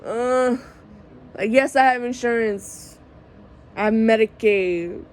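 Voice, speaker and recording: A woman, telling a story in a casual vlog, animated and swearing freely. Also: on the high side, slow pace, a little hiss or hum. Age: 30s. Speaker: vlogger.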